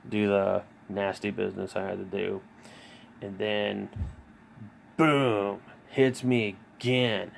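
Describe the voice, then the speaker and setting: A man's voice: lowish voice, vocal fry, slight background noise. A man telling a personal story in a rambling, casual way, with many fillers, restarts and swearing. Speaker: vlogger.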